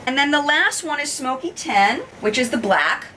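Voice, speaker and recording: A woman beauty vlogger doing a makeup review, showing swatches, gushing and exclaiming with excitement. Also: high-pitched, normal speed, a little hiss or hum.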